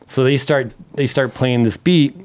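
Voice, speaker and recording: A man from Memphis telling a long story as a podcast guest, animated, acting out the quotes and swearing freely. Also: mid-range voice, a little slow. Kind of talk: casual storytelling.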